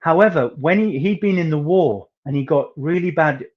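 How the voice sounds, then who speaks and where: He is a singer from northeast England, interviewed as a guest, with a soft local accent and a fairly high voice. He tells chatty stories at normal speed, sometimes turning theatrical in his emphasis, over slightly muffled, lo-fi audio.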